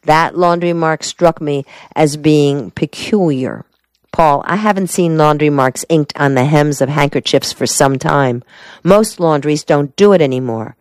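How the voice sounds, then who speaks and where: Woman reading a shrewd, brisk male lawyer. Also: low voice, a little mellow, dry recording. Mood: matter-of-fact.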